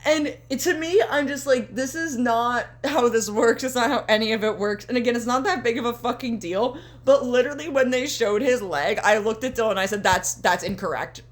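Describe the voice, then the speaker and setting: Young female co-host, animated and foul-mouthed, a touch high-pitched. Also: a little fast, hardly any pauses. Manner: animated, profane, laughing storyteller. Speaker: podcast co-host. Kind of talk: casual wrestling podcast chat.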